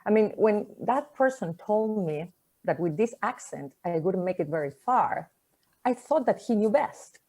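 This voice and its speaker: Woman, non-native accent, mellow warm tone, reflective personal talk, casual fillers. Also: medium pitch, animated. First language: not English. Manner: reflective, with pauses and soft endings; conversational fillers like "like" and "you know". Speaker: speaker giving a talk.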